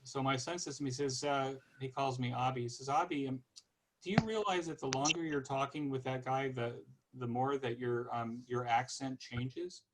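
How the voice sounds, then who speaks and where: A man with a Californian American accent speaks casually over a video call. He talks at a middle pitch and often stumbles and restarts phrases. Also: fairly even intonation, a little hiss or hum, poor audio. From United States. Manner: halting, many restarts. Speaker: guest speaker.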